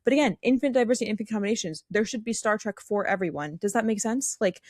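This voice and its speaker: A young woman co-hosting a podcast, talking with emphatic, heated energy at a mid pitch. The sound is dry and close with no room around it. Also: quick pace, no echo. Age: young adult. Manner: emphatic, fired-up ranting. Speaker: podcast co-host. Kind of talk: casual podcast chat.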